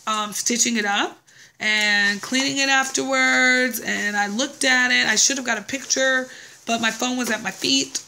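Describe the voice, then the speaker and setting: A woman's voice: a little high, steady tone, unhurried, creaky, pushed and bright, slight background noise. A young woman from Texas telling a personal story in a casual vlog, chatty, with many fillers and restarts. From Texas, USA. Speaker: vlogger living abroad.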